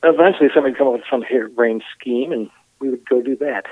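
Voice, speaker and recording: A man's voice: mid-range voice, quick pace, no room sound. A middle-aged man from Michigan tells stories with a wry, joking edge. He speaks in a mid-range voice over a tinny phone line with a dry sound. His talk is loose and casual, like a guest in a chat.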